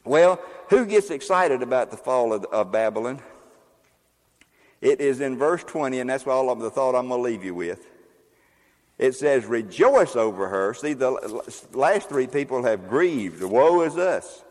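A man preaching a sermon as a pastor, emphatic and fiery, with loud exclamations and quieter asides. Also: mid-range voice, lively intonation, normal speed, long reverb tail.

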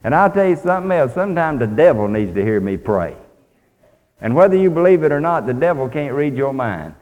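A man's voice: on the high side, big pitch swings, a little fast, phone-quality sound. A man preaching a sermon in a folksy, plainspoken way, reading scripture aloud. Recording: long hall reverb.

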